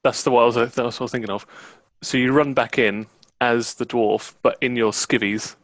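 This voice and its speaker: A relaxed, chatty man guides his players through a tabletop adventure as dungeon master. His voice sits at a middle pitch, and the recording is dry and close, with no room echo. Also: moderate pace. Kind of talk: running a tabletop game.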